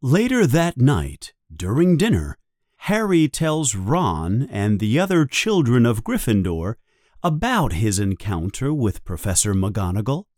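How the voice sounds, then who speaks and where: A man narrating a simplified children's story in a slow, clear read for learners. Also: medium pitch, big pitch swings, darkish tone, dry recording, clean studio sound.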